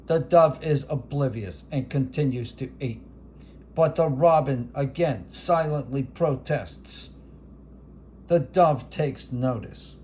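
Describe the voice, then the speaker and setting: A man voicing a veteran male sportscaster doing bombastic, drawn-out ringside play-by-play over a mock bout. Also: mid-range voice, a little mellow, a little hiss or hum, natural voice. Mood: grandiose.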